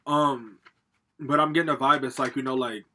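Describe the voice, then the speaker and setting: A man's voice: mid-range voice, fairly even intonation, moderate pace, sharp tone, a little hiss or hum. A man giving a casual pick-a-card tarot reading at home, talking straight to viewers in a loose, profane, rambling way with plenty of fillers. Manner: rambling with frequent fillers and laughs. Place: home, with a laptop.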